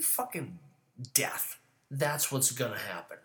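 A man hosting a show, delivering a profane comedic rant with furious shouting bursts between calmer asides. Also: fairly low pitch, measured pace.

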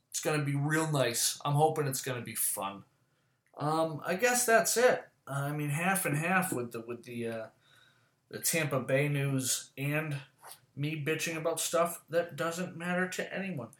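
A man's voice: a little high, fairly bright tone. Man, profane sports rant, agitated, swears nonstop, roomy echo. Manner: swears constantly, agitated, rapid-fire complaints. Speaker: sports commentator.

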